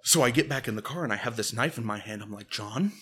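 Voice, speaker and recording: A man's voice: mid-range voice, quick pace, husky. Man telling a wild story. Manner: animated, gets loud and laughing at the climax. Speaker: podcast host. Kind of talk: comedic storytelling.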